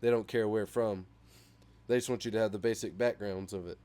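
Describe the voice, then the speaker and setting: A young co-host on a podcast speaks in a lowish voice at a fairly quick clip. His casual chat rambles, is packed with fillers, and turns animated as he retells memes.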